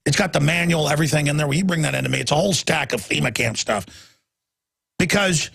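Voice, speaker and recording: A male talk radio host rants in an indignant, emphatic monologue. His voice is fairly high, gravelly and raspy. Faint music plays behind him. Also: quick pace, a bit bright.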